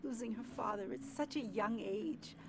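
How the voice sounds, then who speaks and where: A woman's voice: on the high side, normal speed, gravelly. Older small-town cafe owner: motherly, chatty, a little nosy. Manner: gossipy, sweet, calls people dear and hun.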